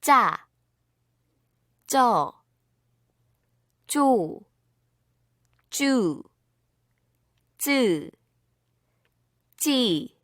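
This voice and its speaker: A woman sounds out syllables one at a time with very slow, deliberate care. Her pitch lifts and falls in a lively way from sound to sound. The voice is dry and close to the mic. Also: no echo. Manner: careful, deliberate single syllables. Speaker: pronunciation model speaker.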